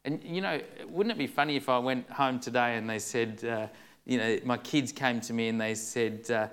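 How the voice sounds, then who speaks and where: A man's voice: mid-range voice, moderate pace, fairly bright tone, clean tone. A middle-aged male pastor preaching an earnest, conversational sermon with touches of humor.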